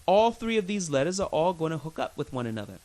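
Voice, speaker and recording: A man's voice: fairly high pitch, big pitch swings, fast talker, a little mellow. A man teaching an Arabic lesson, patiently drilling pronunciation with lots of repetition, chatty and informal with his learners. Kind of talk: recorded language lesson.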